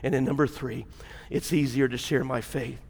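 A man's voice: mid-range voice, fairly even intonation, normal speed, creaky, darkish tone, big-room sound. A man with a Mississippi Southern accent preaching a sermon as pastor, fervent and folksy, with colloquial speech.

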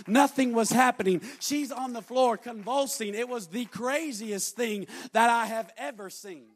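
A young man preaching a sermon, telling a story and building to loud, emphatic exhortation. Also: very high voice, moderate pace, hardly any pauses.

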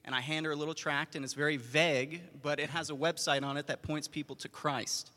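A man's voice: fairly high pitch, fairly even intonation, fairly quick, pushed and bright. A married man speaking earnestly, telling how he talks about his faith in daily life. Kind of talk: casual testimony. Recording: long hall reverb.

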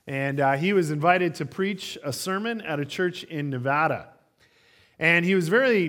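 Male pastor, sermon delivery, conversational and story-driven, a touch high-pitched. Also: a bit bright. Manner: conversational storytelling with frequent fillers. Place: church.

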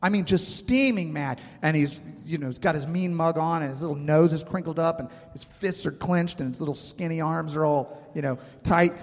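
A man's voice: a little high, normal speed, hardly any pauses, long reverb tail. A man in his thirties preaching a sermon, talking conversationally and asking the congregation questions. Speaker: pastor.

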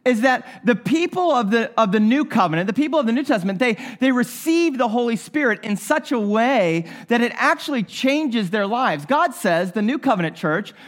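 A man's voice: extremely high pitch, animated, normal speed, few pauses. A man preaching a sermon as pastor, earnest and talking straight to the congregation, often repeating his phrases.

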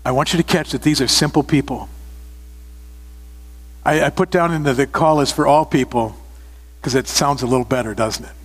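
A man's voice: medium pitch, normal speed, long pauses, in a large hall. A man preaching a sermon, earnest and direct, often repeating phrases for emphasis and asking his listeners questions. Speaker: pastor.

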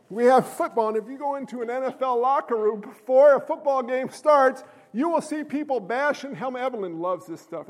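A man preaching a sermon as pastor, an animated storyteller who jokes with the congregation. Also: very high-pitched, in a large hall.

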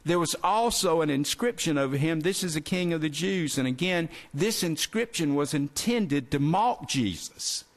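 A man preaching a sermon, earnest and direct, asking the congregation rhetorical questions and slowing down to stress key phrases. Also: a little high, expressive. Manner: earnest, addresses listeners as folks, asks rhetorical questions.

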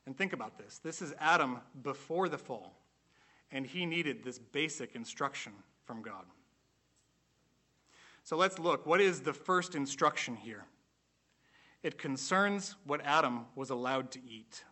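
A man with a mid-range, animated voice and a sharp tone preaches a sermon earnestly and emphatically. He slows down whenever he wants to stress a key point.

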